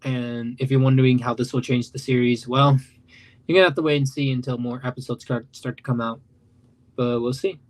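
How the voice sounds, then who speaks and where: A man's voice: medium pitch, fairly even intonation, brisk. Rambling young man chatting on stream. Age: late teens. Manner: rambling, loose, self-interrupting. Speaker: animation creator. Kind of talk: casual livestream chat.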